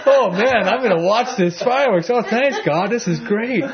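A man voicing a moody, high-strung male prophet who exclaims in exasperation, on a dull lo-fi recording. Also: very animated, moderate pace, a crowd in the background. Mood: elated.

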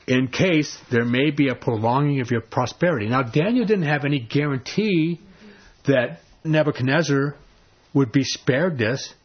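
A husky-voiced man preaches a sermon, retelling a story with growing animation and breaking into laughter as he gets carried away. The recording is dull and lo-fi. His voice sits at a middling pitch. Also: normal speed.

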